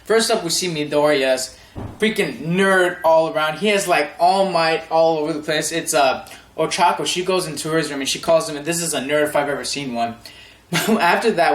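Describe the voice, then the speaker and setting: A young man casually reviewing a manga chapter, excited and rambling, laughing often and stumbling over fillers and restarts. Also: on the high side, normal speed, roomy sound.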